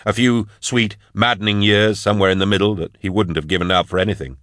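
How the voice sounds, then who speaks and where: A very low-voiced man narrates an audiobook, reading his script at an even, measured pace. The close, dry recording carries no trace of room sound.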